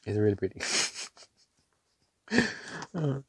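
A man in an excitable, gushing home vlog, talking up close in a dry room. His voice sits fairly low. He bursts into delighted praise often. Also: takes it slowly, creaky, slightly rough, no echo. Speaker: ink reviewer. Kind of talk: casual show-and-tell vlog.

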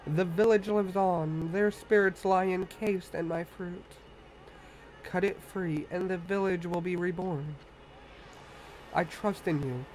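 A man voicing a gentle, reverent female tree spirit, reading game dialogue aloud in a slow, solemn manner. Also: high voice, steady tone, slight background noise, rough recording. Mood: pleading.

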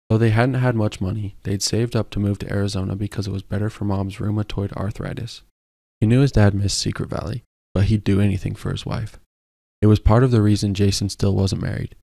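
A man narrating a romance novel as an audiobook in a steady, even storytelling manner. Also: fairly low pitch, creaky, no room sound, studio quality. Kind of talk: scripted narration.

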